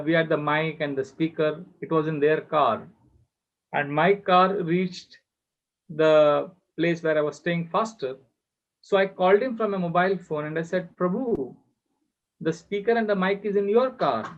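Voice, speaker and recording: Giving a devotional class, a spiritual teacher whose voice is fairly high for a man tells a heartfelt story. He performs the characters' voices himself, while the sound comes through muffled like a video call.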